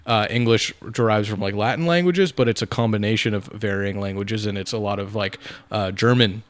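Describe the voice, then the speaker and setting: A man's voice: fairly low pitch, a little fast, no echo. A man co-hosting a podcast, chatting casually and hedging with lots of fillers. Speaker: podcast co-host. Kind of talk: casual chat.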